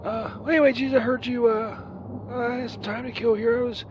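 A man's voice: very high voice, steady tone, a little fast, dull audio, slight background noise. A man voicing a crude, burned-out Saint Peter who rambles profanely through a comedic voicemail. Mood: rambling. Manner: rambling, profane, distracted, lots of fillers.

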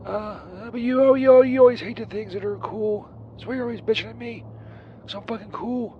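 A man's voice: high-pitched, normal speed, muffled recording, slight background noise, lightly acted. A man voicing a crude, burned-out Saint Peter who rambles profanely through a comedic voicemail. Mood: rambling. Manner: rambling, profane, distracted, lots of fillers.

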